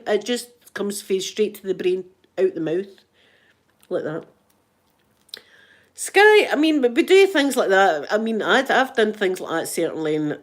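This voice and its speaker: Glaswegian scottish woman, middle-aged, casual storytelling vlog, animated, swears freely, mid-pitched voice. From Scotland. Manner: animated, swears, acts out both sides of conversations. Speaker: ASMR vlogger.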